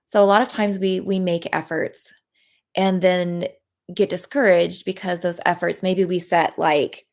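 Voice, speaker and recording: A woman leading a live guided tapping session, talking in a gentle, encouraging way with many pauses and fillers. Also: lowish voice, steady tone. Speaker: EFT tapping practitioner.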